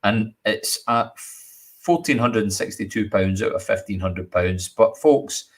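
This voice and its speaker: A man's voice: on the low side, measured pace. Chatty Scottish male show host. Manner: jokey, chatty, laughs often. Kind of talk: casual live chat show hosting.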